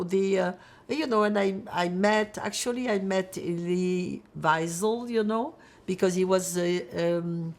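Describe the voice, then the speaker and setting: Older woman, from France, oral history testimony, halting with fillers, slow, gravelly. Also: on the low side. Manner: reflective, halting, many fillers. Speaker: Holocaust survivor interviewee.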